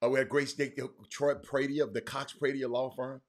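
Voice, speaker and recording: A man hosting a casual livestream sports talk show, rambling and animated, with frequent restarts and fillers. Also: medium pitch, normal speed.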